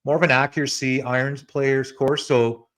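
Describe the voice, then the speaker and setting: A man hosting a podcast in a relaxed, chatty way, talking straight to his co-host. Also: mid-range voice, normal speed. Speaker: podcast host giving betting picks. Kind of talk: casual podcast chat.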